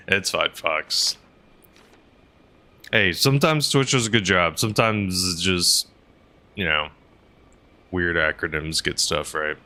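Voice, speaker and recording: A man's voice: sits low, takes it slowly, pauses often, sharp tone. A man streaming a game, chatting casually with viewers and laughing often. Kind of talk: casual gameplay commentary to chat.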